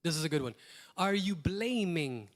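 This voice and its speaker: A man preaches a sermon. His voice sits a little high for a man, and he speaks in a plain, conversational way. He repeats key phrases and breaks off for short asides. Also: animated, normal speed. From Malta. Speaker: pastor.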